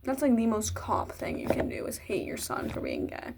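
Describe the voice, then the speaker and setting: A woman's voice: a little high, huge pitch swings, moderate pace, gravelly, hardly any pauses, darkish tone, a little hiss or hum. A young woman from Virginia chatting casually while doing her makeup, rambling and poking fun at herself. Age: young adult. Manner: rambling, self-mocking, chatty. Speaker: vlogger. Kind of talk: casual get-ready-with-me chat.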